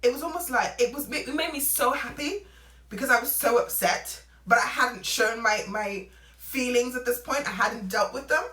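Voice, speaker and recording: A young adult woman vlogging a casual storytime, animated and laughing as she acts out what people said. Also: a little high, moderate pace. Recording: roomy echo, away from mic.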